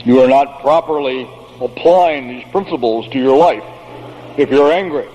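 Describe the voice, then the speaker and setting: An older man giving a recovery talk to an audience, with a blunt, profane and animated way of telling stories. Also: mid-range voice, normal speed, dull audio. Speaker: recovery speaker. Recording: faint noise, long hall reverb.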